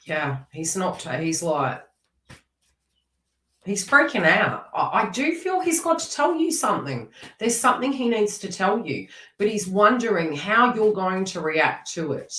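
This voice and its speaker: A woman's voice: medium pitch, big pitch swings, unhurried, a bit bright, a little hiss or hum. Woman, live tarot reader, teasing and chatty, roomy sound, slightly distant mic. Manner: chatty, teasing, talks to viewers by name.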